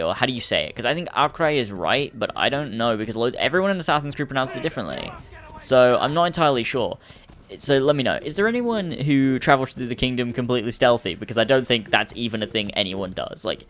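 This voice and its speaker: A man's voice: mid-range voice, fairly bright tone. A young man hosting a let's play, rambling through casual gameplay commentary and swearing often.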